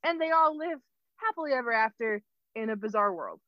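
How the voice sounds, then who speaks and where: High-voiced young woman, playful, lo-fi. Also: lively intonation, no echo. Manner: playful, acts out characters in quick asides and laughs. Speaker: co-host giving a plot synopsis. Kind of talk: casual chat. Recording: dull, lo-fi sound.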